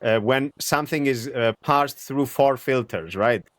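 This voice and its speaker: A man's voice: medium pitch, fairly bright tone, dry recording. Reflective man in a dry-sounding interview. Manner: reflective, thinks aloud with pauses. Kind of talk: conversational interview.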